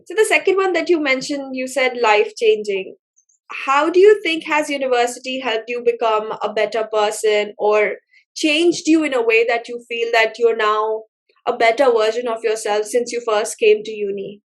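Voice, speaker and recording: A woman's voice: on the high side, moderate pace. A woman hosting an interview, asking reflective questions in an encouraging way. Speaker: interview host. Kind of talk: casual interview chat.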